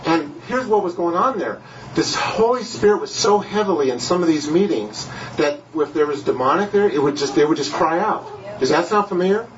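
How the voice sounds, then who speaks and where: A man's voice: a little high, expressive, moderate pace, distant mic, muffled recording. An older man preaching at a home gathering, telling stories with animation and laughing at himself. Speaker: pastor. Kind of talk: sermon.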